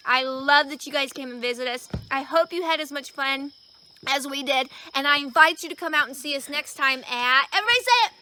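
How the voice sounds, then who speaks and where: A woman's voice: sits high, steady tone, normal speed, low-quality recording. A woman hosting a casual family vlog, signing off playfully while outdoors at dusk. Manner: playful, upbeat sign-off. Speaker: channel host. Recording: outdoor recording with loud crickets. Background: crickets and insects.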